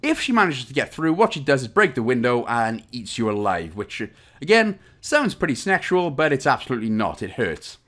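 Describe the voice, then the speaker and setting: Lively Welsh man guiding through a game. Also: medium pitch, fairly quick. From Wales. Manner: jokey, rambling asides between instructions. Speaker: game guide narrator. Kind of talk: commentary over gameplay walkthrough.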